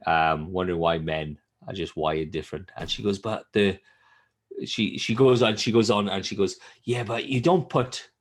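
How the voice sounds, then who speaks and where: A man's voice: low voice, flat delivery, moderate pace. A man co-hosting a casual gaming podcast, telling stories with lots of swearing and acting out what people said. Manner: profane storytelling, swears often; acts out quotes in raised voices. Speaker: podcast co-host. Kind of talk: casual chat.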